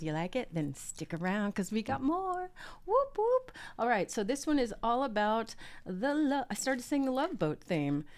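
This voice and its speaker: A woman's voice: fairly low pitch, darkish tone. A woman with a Southern US accent, hosting a tarot podcast in a chatty, playful way with sing-song asides. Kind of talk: casual chat with tarot reading.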